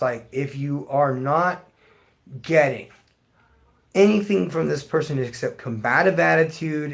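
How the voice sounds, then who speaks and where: Streamer host, middle-aged male; raised, raspy-edged voice; blunt, foul-mouthed rant. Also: on the high side. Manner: blunt, heavily profane, ranting. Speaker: livestream host. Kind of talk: profane rant to live chat.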